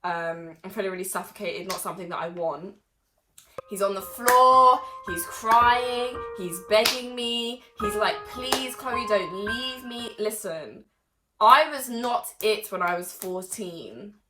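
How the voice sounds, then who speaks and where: A young woman telling a personal story to camera in a chatty, animated way, with laughs and sudden loud bursts. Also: mid-range voice, a little slow, music in the background. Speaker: vlogger.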